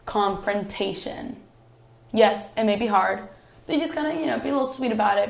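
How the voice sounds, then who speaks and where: A young woman vlogging casually about roommates as a student, animated and acting out quotes in different voices. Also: mid-range voice, fairly quick, vocal fry, slight background noise. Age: young adult. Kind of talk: casual comedic vlog. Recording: roomy echo.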